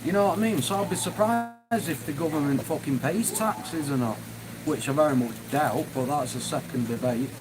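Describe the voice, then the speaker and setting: A man's voice: on the high side, normal speed, music in the background, poor audio. Angry swearing man ranting. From United Kingdom. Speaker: livestream host. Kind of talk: ranting live chat.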